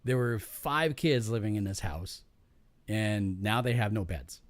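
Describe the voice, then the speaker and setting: A man spinning a rambling, profane work anecdote in a casual podcast chat. His pitch swings widely from low grumbles to sudden high bursts, and his voice sits close and dry on the mic with no room sound. He restarts his sentences often and laughs at his own punchlines. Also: animated, measured pace, dry recording.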